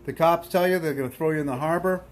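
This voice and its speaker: A man's voice: a little high, quick pace. Blunt ranting man. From Boston. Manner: blunt, profane, heated. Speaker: host. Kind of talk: ranting talk show monologue.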